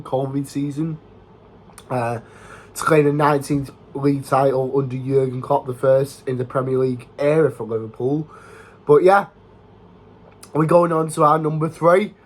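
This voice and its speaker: A man's voice: mid-range voice, a little hiss or hum. A young man, chatting casually to camera about his favourite football matches and leaning on fillers like "you know" and "obviously". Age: young adult. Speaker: football vlogger. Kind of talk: casual talking-head vlog.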